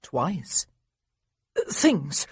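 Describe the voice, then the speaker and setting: Flustered twelve-year-old boy, curt, husky, as a woman narrator puts him on. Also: sits low, very animated, drawn-out words, a little mellow, heavily acted. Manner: blurting, curt.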